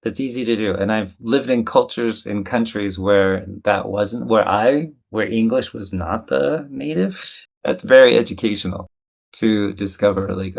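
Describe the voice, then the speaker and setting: A low-pitched man, talking through ideas in an animated, conversational manner. He explains things plainly and sometimes acts out what other people say. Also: unhurried, gravelly. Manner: animated, playfully acts out quoted voices. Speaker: guest, communication coach. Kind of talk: conversational interview.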